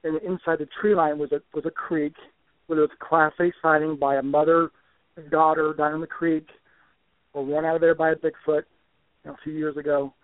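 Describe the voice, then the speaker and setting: An older man telling a long story as a guest on a talk show, animated and often restarting his words. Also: on the high side, fairly quick, no room sound. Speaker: guest researcher. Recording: tinny dry phone line.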